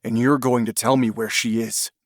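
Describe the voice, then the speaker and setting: A man's voice: mid-range voice, little pitch movement, moderate pace, no room sound, close to an everyday voice. Brief: male narrator as a hard-nosed male agent, clipped and commanding, dry close sound. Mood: stern. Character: stern, angry male federal agent.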